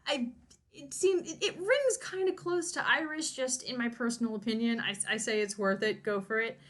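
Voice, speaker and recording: A woman's voice: a little high, normal speed, fairly bright tone. A woman co-hosting a podcast, casually recapping a novel in a rambling, wry way with many restarts. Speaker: co-host summarizing a novel.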